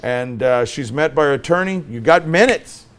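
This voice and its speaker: A middle-aged man teaching a class as a lawyer, telling stories and acting out both sides of the conversations in an animated way. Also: on the high side, normal speed, slight background noise. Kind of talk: lecture with acted-out anecdotes.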